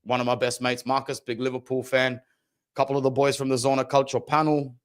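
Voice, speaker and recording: A man's voice: medium pitch, level tone, fast, clear, resonant tone. A young man hosting a football podcast, ranting passionately and opinionated in casual slang. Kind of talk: opinionated sports talk.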